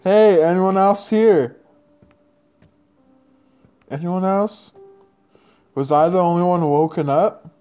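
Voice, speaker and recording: Casting: nervous lone survivor, a man acts it, exclaims aloud, slow delivery, light music under. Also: on the high side, fairly even intonation, clean tone, voice pushed up, close to an everyday voice. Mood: alarmed. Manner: loud, exclaiming to himself. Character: lone man waking in an empty shelter, anxious.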